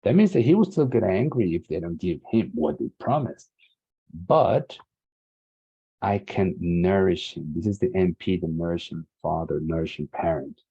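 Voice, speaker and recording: Earnest 40s man from Latin America, speaker at an online summit. Very low, husky voice. Dull lo-fi video-call sound. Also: expressive, moderate pace, warm tone. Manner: earnest, emphatic, repeats key words. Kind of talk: motivational talk.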